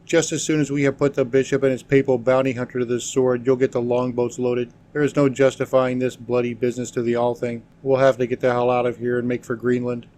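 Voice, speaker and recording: A man's voice: medium pitch, flat delivery, a little fast, hardly any pauses, mellow, natural voice. A man voicing a cruel, commanding aging male Viking pirate chief in an audiobook. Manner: harsh, commanding.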